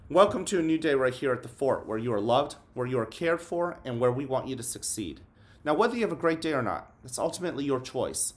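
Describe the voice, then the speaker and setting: A man who is an elementary school principal, giving gentle, encouraging morning announcements and guided mindfulness to students. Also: mid-range voice, expressive, fast.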